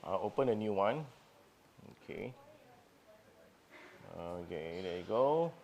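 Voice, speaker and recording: A man's voice: fairly low pitch, expressive, slow pace, a little mellow, highs cut off. A man running a live audio product demo. He thinks aloud, restarting his sentences as he works.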